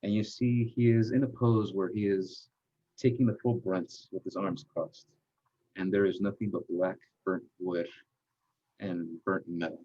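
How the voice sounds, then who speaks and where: A game master with a low, dark voice and fairly even intonation narrates a tabletop game haltingly, with pauses and filler words between phrases. The recording is dull and lo-fi.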